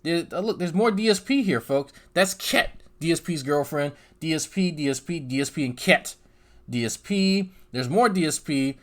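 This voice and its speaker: A man's voice: on the high side, normal speed, a bit bright. Guy doing snarky commentary, keeps repeating the same word to mock a channel, swears a lot. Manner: mocking, repetitive, profane asides. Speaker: commentary YouTuber. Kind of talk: sarcastic commentary over screen scrolling.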